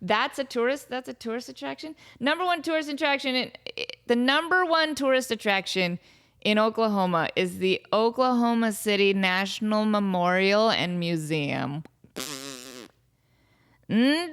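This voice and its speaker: A woman's voice: medium pitch, fairly bright tone, smooth. A woman in her thirties hosting a podcast, chatting casually and joking her way through fan questions with lots of fillers and asides. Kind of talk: casual chat. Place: home near Las Vegas.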